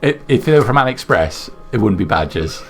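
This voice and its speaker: A man's voice: lowish voice, brisk, creaky, music in the background. A man acting as game master, narrating scenes and joking with the players of a tabletop game. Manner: lively, joking.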